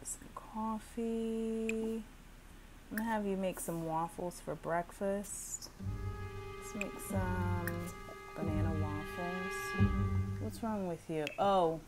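A woman's voice: mid-range voice, takes it slowly, over loud music, poor audio. A woman giving casual gameplay commentary, blunt and exasperated, swearing freely as she reacts. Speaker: gaming video creator.

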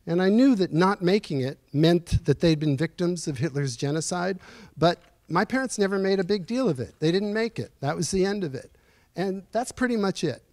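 A man in his sixties giving a personal storytelling lecture in a university auditorium, earnest and reflective, pausing as he speaks. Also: high voice, animated, darkish tone, dry recording. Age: 60s. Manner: earnest, reflective, halting with pauses. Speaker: guest speaker at a lecture series.

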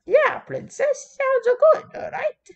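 Woman doing excitable Mario, high, swooping, gravelly edge, fan puppet skit. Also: slow pace, lo-fi sound, full character voice. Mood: cheerful. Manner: exclaims catchphrase often, bouncy. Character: cheerful excitable male plumber hero.

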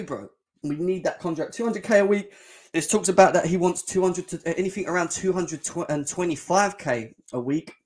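A young man hosting a live fan reaction show, excitable and slangy, often shouting and joking. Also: high voice. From England. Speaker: fan channel host.

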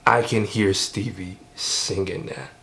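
A man giving excited, emphatic casual commentary while reacting to a song. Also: lowish voice, slow pace, vocal fry, loud music behind the voice. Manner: excited, emphatic, repeats himself. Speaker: music reaction vlogger.

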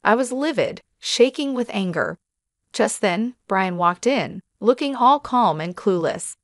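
A woman reading a first-person story aloud as narrator, in a steady, even storytelling manner. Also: mid-range voice, measured pace, dry recording, studio quality.

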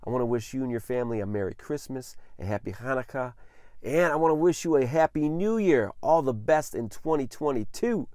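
A man's voice: medium pitch, animated, a little fast, a little mellow, no echo, clean studio sound. A man hosting a casual unboxing vlog, effusive and enthusiastic, who keeps saying "man" as he shows off a new record. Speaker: vinyl unboxing vlogger.

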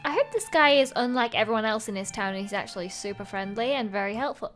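Excitable high-voiced woman gaming. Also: fast, few pauses, soft background music. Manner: excitable, gasping, chatty. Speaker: gaming video host. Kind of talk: let's play commentary.

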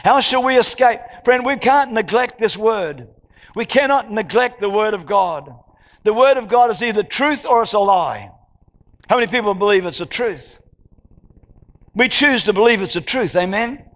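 A male pastor with a very high voice preaches with fervor, repeating his phrases and throwing questions out to the congregation. His voice rings through a church hall with a long reverb tail. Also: lively intonation, moderate pace, fairly bright tone. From Australia. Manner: emphatic preaching with repetitions and rhetorical questions. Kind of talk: sermon.

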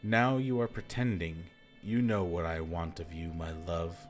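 A man's voice: sits low, fairly even intonation, a little slow, soft background music. A man reading the part of a proud, guarded noblewoman who speaks icily. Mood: icy. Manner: icy, clipped.

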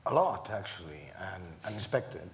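A man's voice: low-pitched, big pitch swings, moderate pace, long reverb tail. Guy, telling stories in an interview, laughs a lot, bit of background hiss. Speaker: cast member interviewee. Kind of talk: conversational interview.

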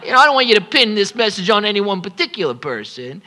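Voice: medium pitch, very animated, fast, pushed and bright. A pastor preaching a sermon at a congregation service, impassioned and pleading, repeating phrases for emphasis.

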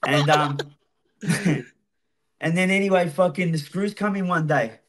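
A man's voice: a little high, measured pace, a bit bright. An Australian man telling stories casually as a podcast guest, swearing freely. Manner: swears freely, laid-back. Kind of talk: casual storytelling.

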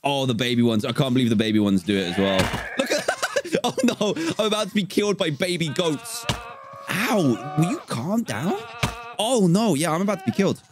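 A man giving excitable Minecraft gameplay commentary, laughing often and talking to the game's animals. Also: fairly high pitch, fairly quick, background noise. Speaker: gaming YouTuber.

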